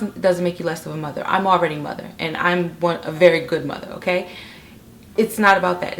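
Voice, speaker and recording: A young woman in her living room, telling a story in a chatty, animated way and often checking in with "okay?". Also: on the low side. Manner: chatty, animated retelling with frequent "okay?" asides. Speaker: vlogger. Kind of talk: storytime vlog. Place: home living room, on a couch.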